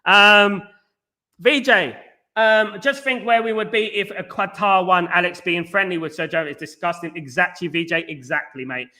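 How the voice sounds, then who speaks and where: Fast-talking bright-voiced male football host. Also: sits high. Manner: rapid, animated, reads out chat messages with banter. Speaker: fan channel host reading live chat. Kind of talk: fast casual live-stream chat.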